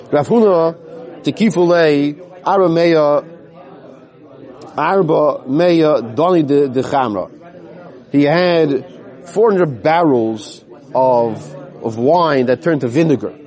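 A man with a slightly high, warm and mellow voice teaches a Talmud class. He reads the Aramaic slowly, then explains each phrase in plain English. He sometimes loses his place and starts again.

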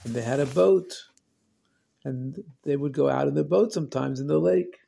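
A man hosting a storytelling show, narrating a tale slowly and deliberately, with long pauses. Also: on the high side, creaky, warm tone. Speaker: storyteller host.

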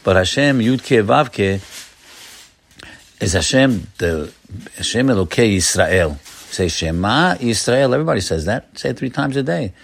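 A man's voice: on the low side, lively intonation, normal speed, creaky, long pauses. A man giving a Torah sermon, reciting Hebrew verses and explaining them with earnest, repetitive phrasing as he builds each point. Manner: earnest, repeats words while building to points; addresses listeners as friends. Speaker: religious teacher.

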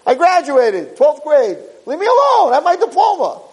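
A man's voice: very high-pitched, huge pitch swings, moderate pace, darkish tone, pitched above the performer's own voice, full character voice, rough recording. A man voicing an indignant young male student who insists he has done enough. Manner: whiny, indignant. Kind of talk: sermon.

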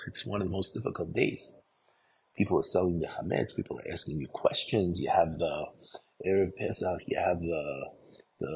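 Man, deep gravelly voice, earnest sermon storytelling, hushed at times. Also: low-quality recording. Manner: earnest, turns hushed at emotional moments.

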